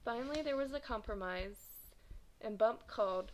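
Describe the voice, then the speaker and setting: A woman in her twenties reading a children's novel aloud in a steady manner, with occasional stumbles and self-corrections. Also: on the high side, normal speed, slight background noise, rough recording. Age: 20s. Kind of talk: storybook read-aloud.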